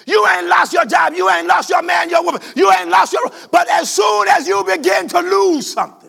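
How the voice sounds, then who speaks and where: A man preaching a sermon, shouting in a sing-song cadence. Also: very high voice, moderate pace, gravelly. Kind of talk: whooping sermon.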